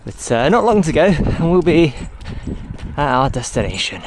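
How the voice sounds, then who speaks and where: A man's voice: fairly high pitch, very animated, moderate pace. A man rambling casually as he walks his dog along a road, talking to the camera and coaxing the dog. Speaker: vlogger. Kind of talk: casual walking vlog. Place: outdoors on a roadside walk. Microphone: handheld camera. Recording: noisy outdoor recording. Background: outdoor noise, dog.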